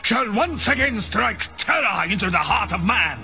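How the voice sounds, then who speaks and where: An actor playing a menacing male villain in a 1990s game, declaiming his plans slowly and grandly. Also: sits high, animated, over music.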